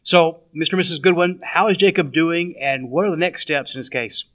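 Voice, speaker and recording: Brisk, fast-talking podcast host. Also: male voice, fairly high pitch, fairly bright tone. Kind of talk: podcast interview.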